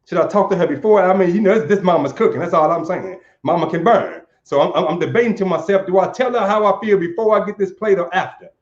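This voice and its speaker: A man from Saint Louis tells a personal story in an earnest, halting way, often doubling words as he speaks. His voice sits a little high for a man. The recording is dull and lo-fi, with a roomy echo around him. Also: lively intonation. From Saint Louis, USA. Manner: earnest, stammers on repeated words.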